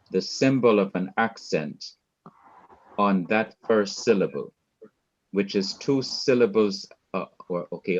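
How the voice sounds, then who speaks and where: A man gives a classroom lecture in a low voice, moving at a very unhurried pace. He patiently repeats and rephrases each point. The sound is dull and lo-fi, like online class audio over a video call. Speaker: Hebrew teacher.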